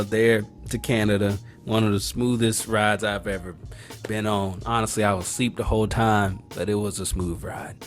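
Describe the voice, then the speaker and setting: A man hosting a podcast, telling a story casually with slang and acting out the voices and reactions of the people in it. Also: mid-range voice. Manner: animated, acts out dialogue and reactions; slangy, conversational. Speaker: podcast host.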